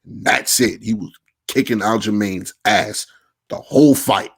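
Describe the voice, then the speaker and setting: A man's voice: lowish voice, measured pace, breathy edge. A man co-hosting a casual sports chat, talking emphatically and often repeating words as he starts. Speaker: podcast co-host.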